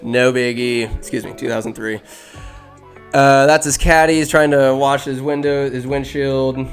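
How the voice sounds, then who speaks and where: A man's voice: mid-range voice, steady tone, a little slow, soft background music. A man hosting a podcast, casually retelling a movie in a rambling, offhand way full of asides. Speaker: podcast host.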